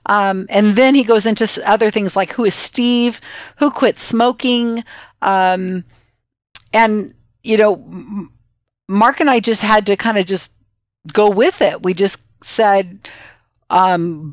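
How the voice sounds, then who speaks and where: A woman recounts an event in a relaxed interview, slipping into the voices of the people she quotes. Her voice sits at an ordinary middle pitch. The sound is close and dry, with no room echo. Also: slow pace. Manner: animated retelling with acted quotes. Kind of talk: casual storytelling interview.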